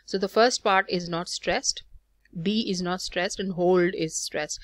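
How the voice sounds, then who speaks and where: Lower-voiced woman teaching a poetry lesson. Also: steady tone, unhurried, no room sound, clean studio sound. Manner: explanatory, repeats and counts through examples, frequent fillers. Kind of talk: recorded lecture on poetry.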